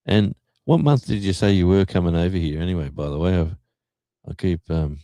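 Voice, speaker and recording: A low, mellow voice belongs to an Australian host speaking briskly on a dry recording. He rambles casually through his livestream while reading the chat, full of fillers and restarts.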